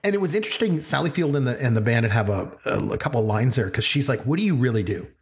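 A middle-aged man co-hosting a casual movie podcast, talking in an animated way and quoting lines in character. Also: medium pitch, rapid-fire. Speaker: podcast co-host.

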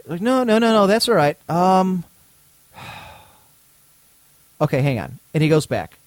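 Animated storytelling man, higher voice. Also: slow pace, no echo. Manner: animated, acts out both sides of dialogue, swears freely. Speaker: podcast co-host. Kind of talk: casual storytelling chat.

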